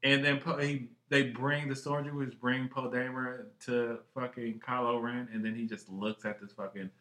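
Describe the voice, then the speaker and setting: A man co-hosting a podcast, chatting excitedly with lots of swearing, jumping from one thought to the next. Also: mid-range voice, normal speed. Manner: excitable, heavy swearing, jumps between thoughts. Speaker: podcast co-host. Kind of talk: casual chat. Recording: roomy echo.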